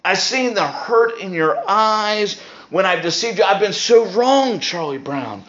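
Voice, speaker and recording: A man's voice: high voice, lively intonation, measured pace, fairly bright tone. Man putting on Lucy, pleading cartoon girl. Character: tearful young cartoon girl begging forgiveness. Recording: roomy, dull lo-fi sound.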